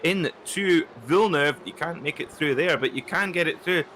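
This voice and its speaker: A man co-commentating a sim race, relaxed and chatty, telling anecdotes between the action. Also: on the high side, moderate pace, slight background noise. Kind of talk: live sim racing commentary.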